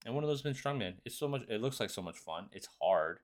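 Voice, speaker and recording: A young man hosting a podcast, talking in a profane, rambling, excitable monologue. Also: mid-range voice, fast talker. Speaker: podcast host. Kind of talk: casual monologue.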